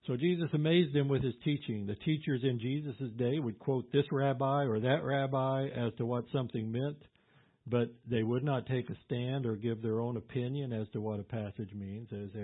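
Pastor guy teaching scripture, chatty with lots of uhs, kinda husky, sounds like it's over a phone line. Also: medium pitch, fairly even intonation, moderate pace. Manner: conversational, with fillers and asides. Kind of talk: verse-by-verse Bible teaching. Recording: tinny phone-like audio.

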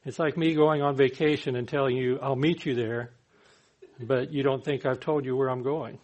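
A man's voice: medium pitch, steady tone, moderate pace, darkish tone, muffled recording. A man preaching a sermon in a conversational way, sometimes acting out the people he quotes. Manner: conversational, acts out quoted speakers.

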